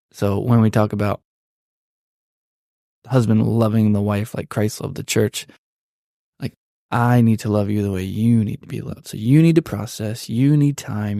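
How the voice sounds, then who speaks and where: A man co-hosting a faith-based podcast, speaking reflectively in a halting, casual way with many fillers. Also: lowish voice, gravelly, mellow, dry recording, studio quality. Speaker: podcast co-host.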